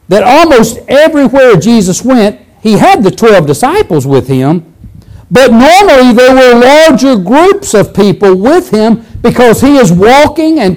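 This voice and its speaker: Male preacher, conversational sermon, very high and lively voice, restarts often. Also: low-quality recording. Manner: animated, conversational, acts out scenes, frequent restarts.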